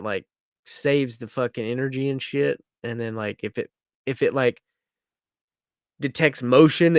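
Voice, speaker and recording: A relaxed man from the United States chatting crudely on a podcast. He laughs often and swears freely. The sound is dry, and his pitch sits in the middle. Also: clean tone, no echo. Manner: laid-back, laughs often, profane. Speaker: podcast co-host. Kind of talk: crude casual chat.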